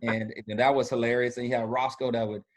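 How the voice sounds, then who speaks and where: A man's voice: medium pitch, level tone, quick pace. A young man talking casually as a podcast guest, telling loose, slangy stories with plenty of fillers. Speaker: podcast guest, former college football punter. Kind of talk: casual chat.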